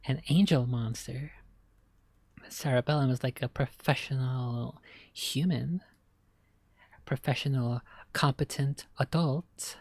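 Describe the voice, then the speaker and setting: A woman's voice: extremely low pitch, slow pace, pauses often, mellow, husky, dry recording. A woman streamer chatting casually, rambling and giggly, while reacting on a close desk mic.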